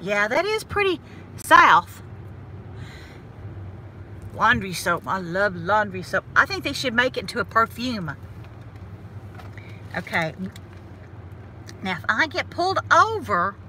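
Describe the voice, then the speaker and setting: Bright-voiced North Georgia woman vlogging from the driver's seat, chatty and folksy, mic on the sun visor, light road hum. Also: medium pitch, sing-song, takes it slowly, long pauses. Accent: Southern US (North Georgia). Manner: chatty, folksy, self-mocking. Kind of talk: casual chat while driving. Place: inside her car. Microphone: phone or camera clipped to the sun visor. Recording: faint road noise in a car. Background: road and car noise.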